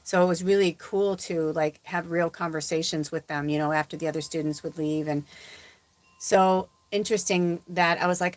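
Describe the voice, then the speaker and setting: A woman in her forties from Illinois talks casually to her stream audience as a spiritual medium. Her voice sits a little low, but she jumps way up in pitch when she acts out her own reactions. She swears freely and tells her life story as a lively tale. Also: normal speed. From Illinois, USA. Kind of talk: casual live-stream talk.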